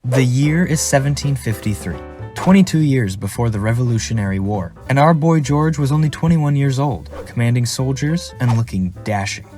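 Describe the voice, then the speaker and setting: Deadpan joking male narrator. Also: medium pitch, normal speed, faint music behind. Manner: deadpan, jokey, playful voice shifts. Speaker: narrator and creator of animated history comedy. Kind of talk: comedic scripted narration.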